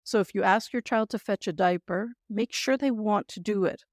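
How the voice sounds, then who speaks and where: A woman hosting a parenting podcast, giving gentle, reassuring advice and sample phrasings in a scripted talk. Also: mid-range voice, normal speed, no room sound, clean studio sound.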